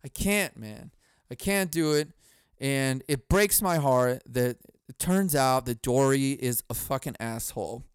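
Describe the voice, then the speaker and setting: A man hosting a comedy podcast, ranting in a profane, sarcastic, animated way. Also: mid-range voice, unhurried, smooth, no echo, clean studio sound. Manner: profane, sarcastic, animated, laughs at own jokes. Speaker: podcast host. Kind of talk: comedic rant.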